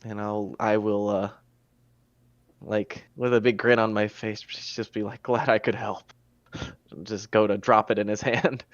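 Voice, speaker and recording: A man's voice: lowish voice, flat delivery, measured pace, no echo, lo-fi sound. A man playing in a tabletop game, talking casually and playfully with lots of fillers and laughter. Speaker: player.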